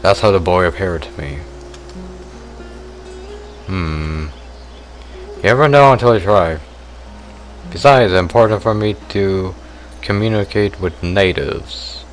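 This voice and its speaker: A man playing through a visual novel, reading its text aloud in a slow, subdued, deliberate way. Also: low-pitched. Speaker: let's play gamer. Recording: game music playing behind.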